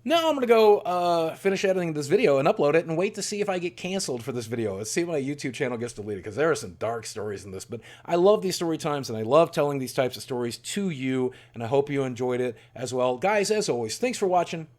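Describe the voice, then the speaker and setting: A man's voice: fairly high pitch, very animated, fast talker, hardly any pauses, darkish tone. A man in his forties telling a candid, rambling personal story in a self-deprecating way. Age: 40s. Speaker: YouTuber.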